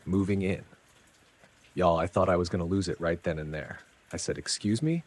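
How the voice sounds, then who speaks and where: A man with a low, husky voice reads a first-person story aloud. He tells it dramatically and conversationally, dropping casual asides to the listener. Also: fairly even intonation, normal speed. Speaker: narrator.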